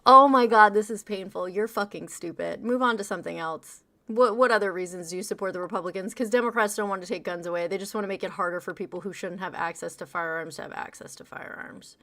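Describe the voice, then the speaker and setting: A woman's voice: mid-range voice, quick pace, hardly any pauses, pushed and bright. A woman in her forties hosting a livestream call-in debate, blunt, mocking and profane. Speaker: livestream host. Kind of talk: heated political call-in debate.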